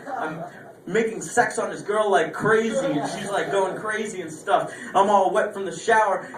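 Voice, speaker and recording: A young man performing a stand-up comedy set, telling a story with lively acted-out voices. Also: high-pitched, moderate pace, a crowd in the background. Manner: animated storytelling, acting out quoted voices. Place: small club stage. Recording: echoey room, distant mic, faint room noise.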